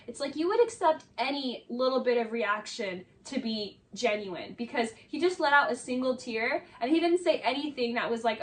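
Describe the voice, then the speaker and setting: A woman's voice: on the high side, far from the mic. A young woman giving casual video essay commentary, sarcastic and exasperated, saying "like" a lot.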